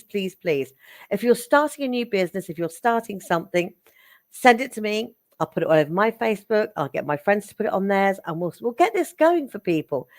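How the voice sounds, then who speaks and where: A woman giving psychic readings on a live stream, chatty and affectionate, getting excitable and calling viewers darling. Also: medium pitch, no echo, clean studio sound. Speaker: psychic reader.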